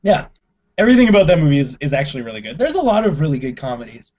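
A man's voice: on the high side, sing-song, rapid-fire, darkish tone. A man co-hosting a casual chat about comedy films, laid-back, swearing freely and laughing often. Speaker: podcast co-host. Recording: lo-fi dull audio.

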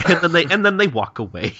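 A man's voice: a little high, big pitch swings, a little fast, bright, forceful tone, husky, dry recording. A man co-hosting a podcast, casually retelling a story with frequent laughs, in dry, muffled lo-fi audio. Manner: laughing often, loose retelling. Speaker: podcast co-host. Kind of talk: casual chat recapping a manga.

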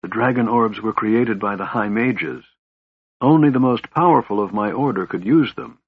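Raistlin's voice is a frail, sickly young mage, weary and bitter, pitched a little above the reader's own tone, as a man puts him on. The delivery is husky and sits in a flat, dull audiobook recording. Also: moderate pace, no room sound.

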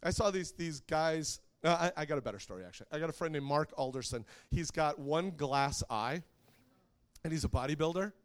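A man's voice: a little high, animated, fairly quick. A man preaching a sermon to a live congregation, conversational and joking, asking the audience questions. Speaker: pastor.

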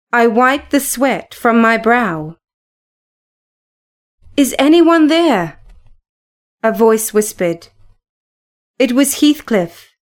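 A woman narrating a classic novel in a deliberate, dramatic reading. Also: high voice. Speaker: audiobook narrator.

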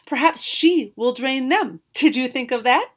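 A woman's voice: high-pitched, animated, measured pace, a bit bright, pitched above the performer's own voice, full character voice. Woman reading as a mild motherly storybook dragon, soothing.

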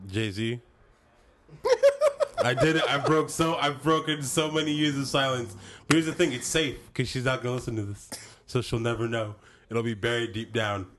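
A man's voice: mid-range voice, steady tone, normal speed, a bit bright. A young man hosting a podcast in casual chat, joking and rambling, swearing freely. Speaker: podcast host.

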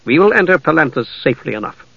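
A narrator gives voice to a proud, stern dark knight who speaks slowly and with grave weight. The storybook reading has a muffled, lo-fi tone and a dry, close sound. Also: male voice, a little high, very animated, creaky, breathy edge, no echo, exaggerated voice. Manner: slow, measured, grave.

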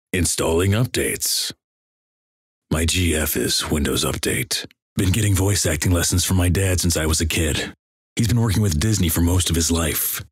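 A man reading crude internet stories aloud in a deadpan way. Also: sits low, breathy edge, no echo, clean studio sound. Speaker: narrator.

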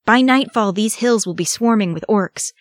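Woman doing a rasping, grieving ranger leader. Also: low-pitched, fairly even intonation, normal speed, no echo, studio quality. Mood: urgent. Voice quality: harsh rasp. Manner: urgent, clipped commands. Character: grieving male ranger leader, stern and commanding.

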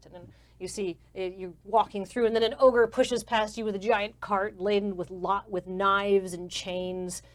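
A woman's voice: fairly low pitch, a little mellow, a little hiss or hum. A woman narrating a tabletop game as game master in a casual, descriptive way. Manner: casual, descriptive, many fillers.

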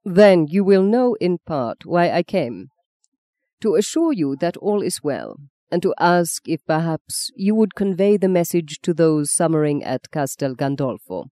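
Stern, formal general, read by an audiobook narrator, mellow and dry. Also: medium pitch, expressive, dry recording, natural voice. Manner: formal, measured.

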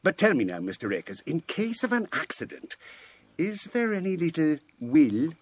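An actor playing a swaggering Irish baronet who talks of duels with breezy, ironic coolness. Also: male voice, on the high side, wildly swooping pitch, moderate pace, slightly rough, heavily acted. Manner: breezy, ironic, coolly teasing. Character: swaggering Irish baronet, duel-loving second.

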